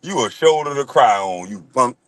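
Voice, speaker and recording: A man rants to his stream in a loose, profane monologue, his pitch swinging widely as he mocks people and laughs at them. The sound is dry and close. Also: lively intonation, moderate pace, no echo. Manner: loud, laughing, mocking impressions of others. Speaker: live streamer.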